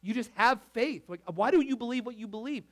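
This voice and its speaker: A man preaching a casual, animated sermon, peppering his speech with "like". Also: very high-pitched, a little fast. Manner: animated, filler-heavy with frequent "like"; talks to the tech crew mid-sermon. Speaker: pastor.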